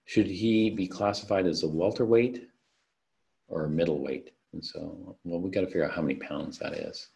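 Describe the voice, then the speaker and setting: This man's voice sits low and darkish, with vocal fry and a normal speaking speed. In a recorded online chemistry class, he methodically walks through unit conversion problems one step at a time, picked up by a computer mic on a video call.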